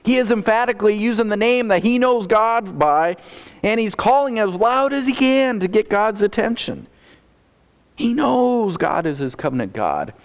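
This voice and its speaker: A man's voice: high-pitched, animated, moderate pace, big-room sound. A man preaching a sermon as pastor, earnest and often repeating a word as he starts a phrase.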